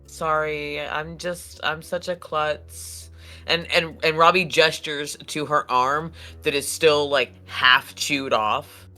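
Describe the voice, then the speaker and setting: A man's voice: fairly high pitch, little pitch movement, slow pace, sharp tone, soft background music. A young man playing a tabletop game, giggly and teasing. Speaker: player. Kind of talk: casual tabletop play.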